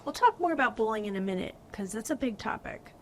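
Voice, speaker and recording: A woman's voice: fairly high pitch, lively intonation, fast, slight background noise. A middle-aged woman from California hosting a podcast, talking in an earnest, chatty way with lots of fillers. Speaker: podcast host. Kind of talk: casual chat with guests.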